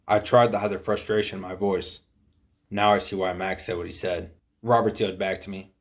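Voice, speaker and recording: A man with a very low, deep voice reads a first-person military story aloud. His delivery is steady and matter-of-fact, like a plain narrated account. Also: brisk.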